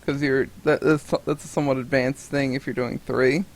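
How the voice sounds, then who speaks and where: A man's voice: medium pitch, flat delivery, moderate pace. A man running a tabletop game as game master, casual and hesitant with many ums.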